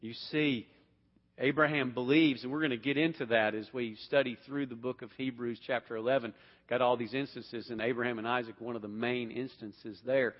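Speaking at normal speed with a steady tone and medium pitch, this male Bible teacher runs an interactive class by quizzing the group. His speech is full of repeated words and frequent restarts, recorded dull and echoing like a large hall.

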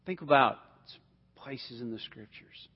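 Measured and husky, a mid-range male voice guides a Bible class interactively, putting questions to the group while repeating words and frequently starting sentences over. The audio is dull, with a long hall reverb.

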